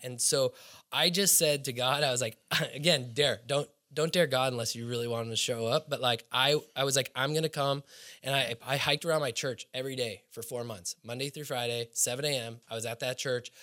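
A man being interviewed, telling a long personal faith story in a casual, animated way and dropping low and quiet when he quotes others. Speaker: interview guest, snowboarder.

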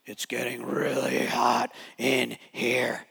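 A man voicing a threatening male demon that speaks through a possessed woman, slow and low. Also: completely flat delivery, vocal fry, a bit bright, slightly rough, heavily acted. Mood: menacing.

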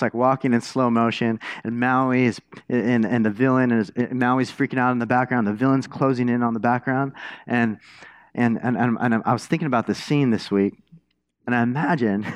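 A male pastor delivering a sermon in a relaxed, chatty style, pausing to ask his listeners questions. His voice sits at an ordinary middle pitch and sounds close and dry, with no room echo. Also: clear, resonant tone. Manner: conversational, asks the congregation questions, many restarts. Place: church.

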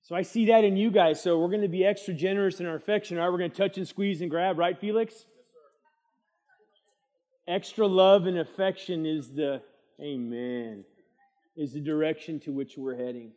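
A middle-aged man teaching a midweek church Bible study, preaching in a lively way and drawing amens from the room. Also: sits high, normal speed. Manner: lively preaching with call-and-response asides. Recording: long church hall reverb.

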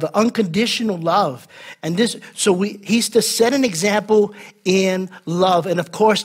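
A man's voice: high-pitched, husky. A man preaching a sermon as pastor, earnest and conversational, often repeating words and adding asides to his listeners.

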